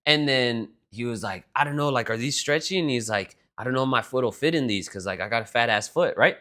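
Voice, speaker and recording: A man's voice: mid-range voice, quick pace. A young man co-hosting a podcast, telling a rambling story in casual chat and laughing as he goes. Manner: rambling, animated, laughs through his story. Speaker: podcast co-host.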